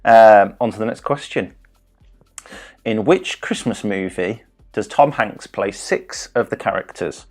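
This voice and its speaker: A man's voice: lowish voice, measured pace, faint music behind. Rambling man hosting a quiz. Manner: rambling, self-interrupting, jokey. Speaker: quiz host. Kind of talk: live-streamed quiz, casual chat.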